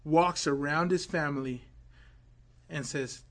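A man preaching a sermon, telling a story dramatically, dropping to hushed quoted words and rising to loud build-ups. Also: a little high, measured pace.

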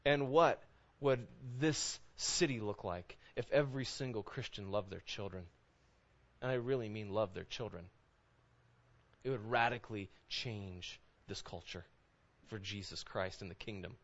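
A man's voice: lowish voice, a little slow, a bit bright, muffled recording. A man in his thirties preaching a sermon in a conversational way, full of rhetorical questions. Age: 30s. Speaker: pastor.

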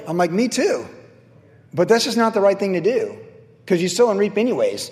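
A middle-aged man preaching a sermon as a pastor, telling a personal story in an animated way, acting out the voices he quotes and laughing at himself. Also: sits high, moderate pace, long pauses, long reverb tail.

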